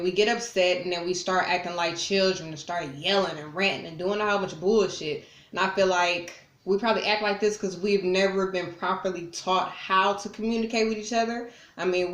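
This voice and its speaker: A woman vlogger talking straight to her viewers in a relaxed, blunt, profane way. She acts out heated arguments and jumps into raised voices. Her voice sits in a middle register and rings around a roomy, echoey space. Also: mid-range voice. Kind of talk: casual talk to camera. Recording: roomy echo.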